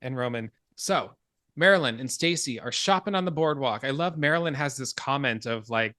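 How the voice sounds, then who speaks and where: A man hosting a podcast, recapping a horror film in casual, animated talk, swearing and laughing at himself. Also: medium pitch, moderate pace, dry recording, clean studio sound. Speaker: podcast host.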